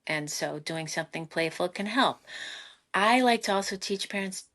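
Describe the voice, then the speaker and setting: A middle-aged woman, a psychotherapist guest on a podcast, giving animated parenting advice with lively asides and laughter. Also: mid-range voice, moderate pace. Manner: animated, expressive, laughs often, acts out quotes.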